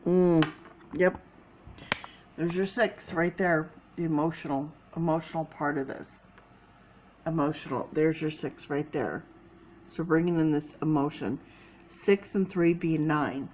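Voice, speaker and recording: A woman's voice: low-pitched, steady tone, a little slow, long pauses, darkish tone, slight background noise. A woman doing a casual tarot reading to camera, thinking aloud and repeating key words as she explains the cards. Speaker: tarot reader.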